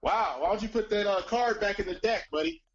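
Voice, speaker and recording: A man casually telling a story on a live stream, profane and animated, acting out the voices of other people. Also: high-pitched, a little fast, muffled recording, a crowd in the background.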